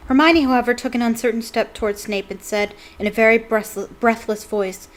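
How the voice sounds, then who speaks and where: A woman's voice: fairly high pitch, fairly even intonation, a little fast, few pauses. A woman hosting a channel, reading a novel aloud expressively and adding playful asides. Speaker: book reader and channel host.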